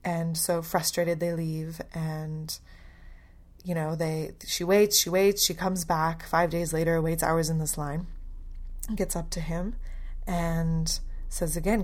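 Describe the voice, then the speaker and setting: A woman hosting a podcast alone, talking in an earnest, thoughtful way and often pausing to search for words. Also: deep voice, flat delivery. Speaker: podcast host. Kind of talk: reflective solo podcast talk.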